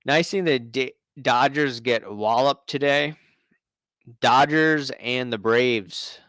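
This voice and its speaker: A man's voice: mid-range voice, takes it slowly, fairly bright tone, no echo. A man hosting a casual live stream, chatting and reading out viewer comments in a rambling way.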